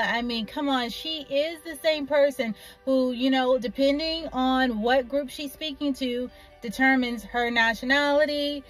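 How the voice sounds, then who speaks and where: A woman hosting an online commentary video who talks to her viewers in a sarcastic, chatty way. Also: high-pitched. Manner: sarcastic, addresses viewers as y'all. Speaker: YouTube commentary host.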